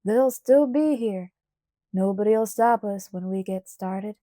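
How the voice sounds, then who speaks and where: A woman's voice: medium pitch, takes it slowly, dark tone, dry recording, clean studio sound, natural voice. Big Jerry, a woman doing a bold, scornful big man. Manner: rough and mocking. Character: huge, bold, scornful man who laughs booming.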